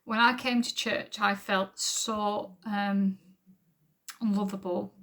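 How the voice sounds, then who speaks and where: A woman's voice: medium pitch, little pitch movement, measured pace, creaky, fairly bright tone. A woman giving an unrehearsed personal church testimony to camera, earnest and rambling, with frequent ums. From England. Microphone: camera recording at home.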